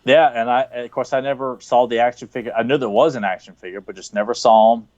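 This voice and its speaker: A man with a Southern US accent chatting casually as a podcast co-host, excited and rambling, with lots of fillers and restarts. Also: mid-range voice, fast, no echo, highs cut off. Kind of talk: casual chat, watching a cartoon.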